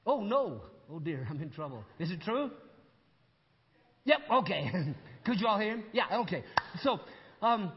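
An older man preaching a sermon as a lively story, acting out conversations and speaking asides to his congregation. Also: sits high, a little slow. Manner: animated, acts out dialogue, asides to audience. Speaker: pastor. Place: church hall with audience. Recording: dull sound in long reverb hall.

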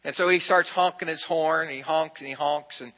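A male pastor with a slightly high voice tells a personal story from the pulpit. He keeps it chatty and pokes fun at himself. The sound carries a long hall echo and a dull, muffled tone. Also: steady tone, moderate pace. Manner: conversational, self-deprecating storyteller with asides to the audience. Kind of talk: storytelling sermon. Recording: reverberant, muffled hall recording.

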